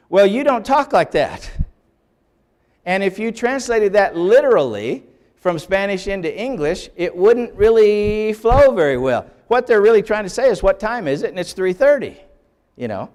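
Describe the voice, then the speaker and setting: A man's voice: sits high, a little mellow. An older man giving an emphatic classroom lecture on the Bible, explaining step by step and asking for the next slide. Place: lecture hall. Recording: long hall reverb.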